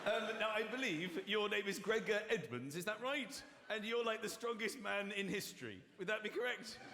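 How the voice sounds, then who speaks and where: A man performing a stand-up comedy routine on stage, animated and mocking, swearing freely. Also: high voice, normal speed. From Scotland. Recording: echoey live hall, loud crowd.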